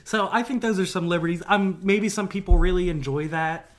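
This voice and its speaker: A man's voice: sits high, fairly quick. A man co-hosting a podcast who rambles in a loose, casual way. He laughs a lot and often lets his sentences trail off. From northern United States. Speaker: podcast co-host. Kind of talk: casual chat.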